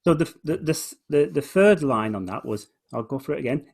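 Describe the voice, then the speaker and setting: Man, husky voice, lively rising and falling pitch, enthusiastic host, restarts phrases. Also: fairly quick. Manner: enthusiastic, explains by reading lines aloud and stressing beats. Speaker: host, musician. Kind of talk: casual discussion of poetry.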